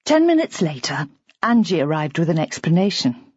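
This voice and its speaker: A woman narrating an audiobook mystery with measured, expressive storytelling. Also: low voice, husky, no room sound. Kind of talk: scripted narration. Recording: dull, dry lo-fi audiobook recording.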